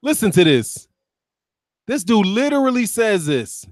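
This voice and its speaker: A man's voice: high voice, very animated, unhurried, dry recording, studio quality. A man hosting a boxing commentary channel, mocking and sarcastic, laughing often as he reacts.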